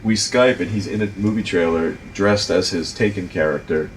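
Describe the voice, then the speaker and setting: A middle-aged man with a Providence, Rhode Island accent, hosting a casual chat and telling stories about directing in an animated, profane way with lots of fillers. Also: sits low, normal speed, a little hiss or hum. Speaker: podcast host and film director.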